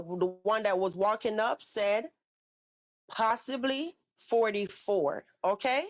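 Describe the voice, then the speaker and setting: A woman hosting a casual live reaction video, animated and talking straight to her viewers with frequent questions. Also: medium pitch, dry recording. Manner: animated, asks viewers questions and reads chat aloud.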